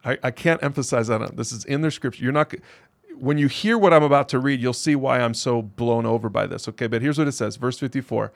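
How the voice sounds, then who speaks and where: A man's voice: mid-range voice, quick pace, gravelly, dry recording, clean studio sound. A man, a pastor and co-host, talking in a casual discussion and reading scripture aloud, incredulous and emphatic, repeating his phrases.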